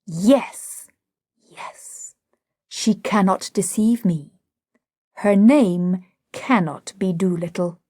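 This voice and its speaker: A boastful man, read by a woman, laying down grand, self-assured pronouncements. He talks slowly, in a husky, breathy voice, recorded close and dry. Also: medium pitch, mellow, dry recording. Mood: pompous. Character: pompous Hungarian man, boastful self-styled expert. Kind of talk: audiobook drama reading.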